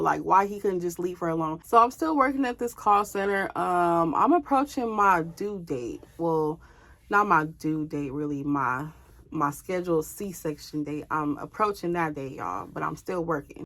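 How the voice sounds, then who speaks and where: A woman's voice: lowish voice, pushed and bright. A young woman telling a personal story in a casual, chatty monologue, speaking straight to her viewers with offhand, dismissive asides. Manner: chatty, addresses viewers as y'all. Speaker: storyteller vlogger.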